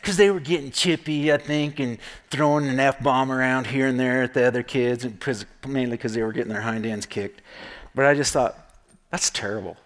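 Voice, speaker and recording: Speaking in a mid-range voice with fairly even intonation, a middle-aged male pastor delivers his sermon like a conversation, telling stories as he goes. A quick "right?" often punctuates his lines as he checks in with the congregation.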